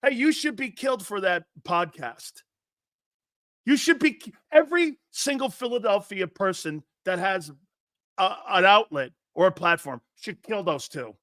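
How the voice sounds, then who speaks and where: Male sports talk host: high-pitched, loud, mocking, foul-mouthed ranter. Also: animated, measured pace, dry recording, clean studio sound. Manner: loud, mocking and profane, often breaking into shouts and laughter. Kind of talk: brash sports talk rant.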